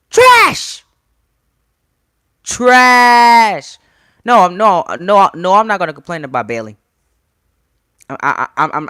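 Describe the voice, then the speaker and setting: A man's voice: sits high, bright, forceful tone, clean tone, dry recording. Exasperated man ranting, dry sound. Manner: exasperated, repetitive, talks to viewers directly. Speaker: wrestling show reviewer. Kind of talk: casual ranting review.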